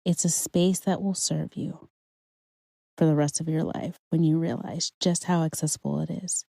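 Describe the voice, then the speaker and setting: A woman's voice: deep voice, steady tone, normal speed, creaky, dark tone, dry recording. A woman hosting her own podcast, telling a personal faith story in an earnest, conversational way and encouraging her listeners. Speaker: podcast host. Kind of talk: personal testimony monologue.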